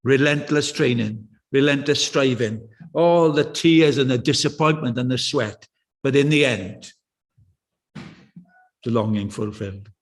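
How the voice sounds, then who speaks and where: A man's voice: medium pitch, measured pace. An older British man preaching a sermon in a church, conversational and anecdotal with passionate swells.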